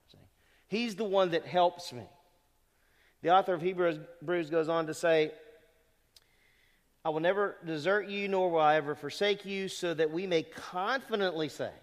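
A middle-aged man preaching a sermon to graduating students, earnest and conversational, often asking rhetorical questions. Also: fairly high pitch. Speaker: pastor. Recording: long reverb of a hall.

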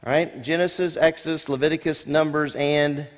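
High-voiced pastor preaching in a reverberant hall. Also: male voice, fairly even intonation, moderate pace. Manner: emphatic, repeats key words, asks rhetorical questions. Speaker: senior pastor. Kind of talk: sermon.

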